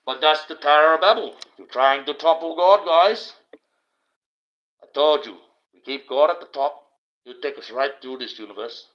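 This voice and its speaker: The livestream host here is a man whose voice sits fairly high and moves at a moderate pace. Masked and indoors, he delivers a rambling, blunt, profane sermon-like monologue, captured in dull, lo-fi livestream audio.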